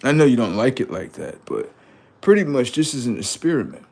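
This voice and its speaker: A man's voice: mid-range voice, sing-song, a little fast, creaky, a little mellow. A man hosting a livestream who delivers a rambling, preachy and profane unscripted monologue. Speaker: livestream host.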